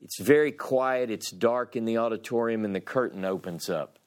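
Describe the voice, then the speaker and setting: A man teaching a scripture class, who reads passages aloud with dramatic emphasis and then explains them in a loose, conversational way with frequent restarts. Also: mid-range voice. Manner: slow and deliberate, with frequent restarts. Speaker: Bible teacher.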